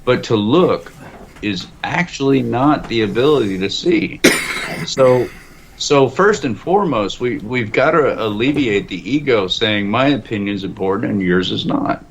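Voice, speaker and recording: A man's voice: mid-range voice, animated, measured pace. A man talking as a guest in a roundtable discussion, rambling and philosophical, with lots of restarts. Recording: muffled lo-fi audio with faint hiss.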